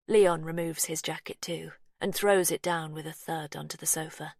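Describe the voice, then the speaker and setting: Female storyteller for an audiobook; low, hushed and measured, dry studio read. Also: level tone, gravelly, no room sound. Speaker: narrator. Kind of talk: scripted audiobook narration.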